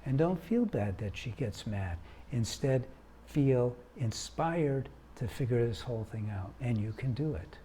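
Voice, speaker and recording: A man's voice: medium pitch, unhurried, a little hiss or hum. A man who founded a marriage organization, giving earnest, emphatic advice straight to the viewer. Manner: earnest, emphatic, rising into animated urging. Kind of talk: direct-to-camera advice talk.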